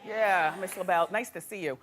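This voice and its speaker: A woman's voice: fairly low pitch, brisk. A middle-aged woman hosting a daytime talk show, telling gossip stories in a chatty, dramatic way with frequent laughs. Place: TV studio with live audience. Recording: studio audience noise and crowd.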